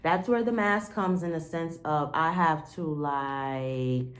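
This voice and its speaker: A woman's voice: sits low, slow. A woman talking to the camera in a candid, rambling diary-style monologue, full of "like" fillers and casual swearing. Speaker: vlogger.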